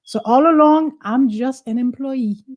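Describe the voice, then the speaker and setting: A woman's voice: sits high, measured pace, muffled recording. A woman host, chatting in an exuberant, teasing, exclamatory way. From Haiti. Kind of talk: casual talk-show chat.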